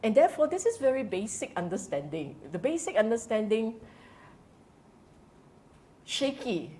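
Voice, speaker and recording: A slightly high-voiced woman with a Singaporean English accent talks at a moderate pace with long pauses, giving a Dhamma talk to a Buddhist congregation. She stays animated, quizzing listeners again and again, laughing, and slipping in colloquial particles.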